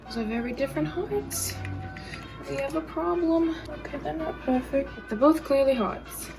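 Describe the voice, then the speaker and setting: A woman's voice: high-pitched, moderate pace, gravelly, music in the background, poor audio. A young woman hosting a casual stream, chatting in a playful, self-deprecating way. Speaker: singer and live-stream host.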